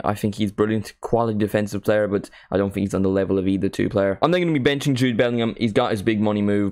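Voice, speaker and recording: A young man hosting a casual football vlog, giving brisk, opinionated verdicts in a chatty way. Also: lowish voice, a little mellow. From Ireland. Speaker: football vlogger.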